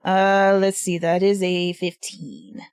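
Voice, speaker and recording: A woman's voice: on the low side, little pitch movement, slow, darkish tone, clean tone. A woman player at a tabletop game, giggly and blunt, swearing freely in casual chat.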